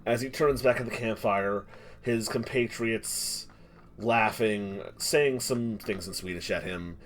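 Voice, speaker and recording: Speaking slowly in a lowish voice, a game master leads a tabletop session, describing scenes dramatically and asking players to roll. He restarts his sentences often as he tells the story.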